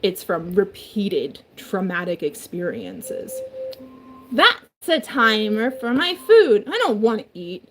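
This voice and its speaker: A woman's voice: mid-range voice, very animated, slow pace, fairly bright tone, a little hiss or hum. A woman talking casually in a rambling home vlog from her kitchen, her voice changed by a throat injury, full of fillers and swearing. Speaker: vlogger.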